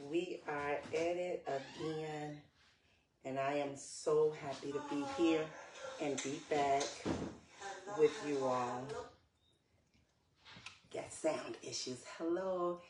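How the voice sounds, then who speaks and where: A woman's voice: low-pitched, steady tone, takes it slowly, long pauses, a little mellow, slight background noise. A woman hosting a live podcast stream, greeting viewers by name in an upbeat, chatty way. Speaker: podcast host. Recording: roomy echo, voice far from the mic.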